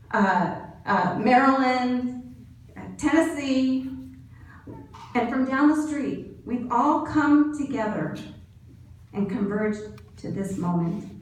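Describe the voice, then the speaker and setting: A middle-aged woman giving a commencement speech at a podium in a large hall, telling stories and acting out the lines of the people in them. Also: fairly high pitch. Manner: storytelling with quoted dialogue. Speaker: graduation speaker. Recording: echoey hall from far off, faint noise.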